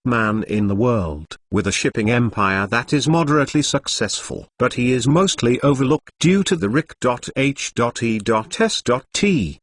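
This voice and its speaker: A man's synthetic voice reading the lines of a calm, laid-back male ninja teacher in a flat delivery. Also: medium pitch, moderate pace, hardly any pauses, close to an everyday voice.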